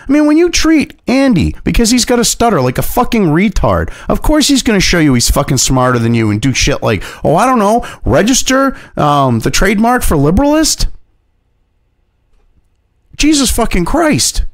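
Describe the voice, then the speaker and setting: A man's voice: sits high, huge pitch swings, moderate pace, dry recording, clean studio sound. A man ranting as an online commentator, heated and mocking, swearing constantly. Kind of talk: profane opinion rant.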